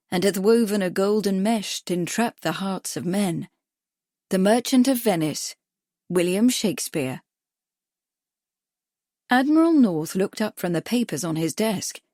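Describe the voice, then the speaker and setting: A woman with a medium-pitched voice narrates a mystery audiobook in a measured, even storytelling style. The scripted narration has clean studio sound with no echo.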